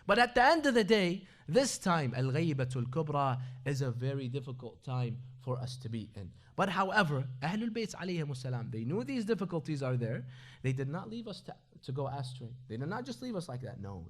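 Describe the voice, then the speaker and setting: High-voiced man preaching a dramatic sermon. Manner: dramatic, shifting from loud pleading to low earnest tones, quotes Arabic scripture.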